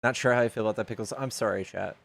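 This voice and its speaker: A man's voice: fairly low pitch, fairly even intonation, very fast, vocal fry, fairly bright tone. A man hosting a live stream, loose and joking, swearing casually and reading donations aloud to his chat. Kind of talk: casual livestream chat and debate.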